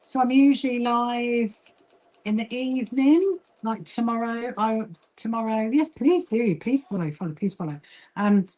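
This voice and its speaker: A woman's voice: on the high side, measured pace, mellow. A woman with a southern English accent hosting a casual sewing livestream, chatting to viewers while she works. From England. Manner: chatty, greets viewers, talks while working, frequent restarts. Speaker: livestream host and quilting association founder.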